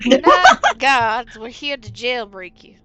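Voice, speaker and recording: A woman player speaking in character in a tabletop game, brisk and joking. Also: a little high, wildly swooping pitch, bright, forceful tone. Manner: brisk, joking, laughs easily.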